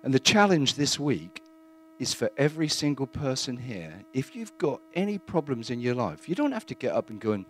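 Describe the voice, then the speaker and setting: A man giving a plain-spoken, earnest testimony in church, halting now and then with fillers. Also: mid-range voice, sing-song, soft background music.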